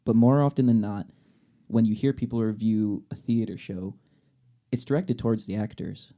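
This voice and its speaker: Warm-voiced young male podcast co-host. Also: lowish voice, moderate pace. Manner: animated, jokey storyteller. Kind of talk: casual chat.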